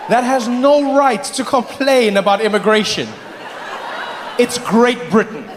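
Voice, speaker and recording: Animated male stand-up comic, high voice. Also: unhurried, crowd noise. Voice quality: animated, storytelling. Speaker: stand-up comedian. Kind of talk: stand-up comedy. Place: large indoor comedy venue. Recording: long hall reverb, faint noise.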